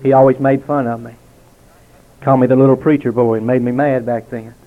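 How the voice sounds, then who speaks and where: A man giving a heartfelt spoken testimony to a gathering at a restaurant, telling stories with dramatic pauses. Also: medium pitch, flat delivery. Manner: earnest, storytelling with dramatic pauses. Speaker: lay speaker giving testimony. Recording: tinny, narrow-band lo-fi recording.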